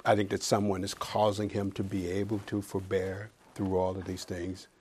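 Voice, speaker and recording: A man giving a conversational Bible teaching, building to loud emphasis as he reads scripture and dropping into dry, sarcastic asides. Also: low-pitched, little pitch movement, normal speed, slightly rough.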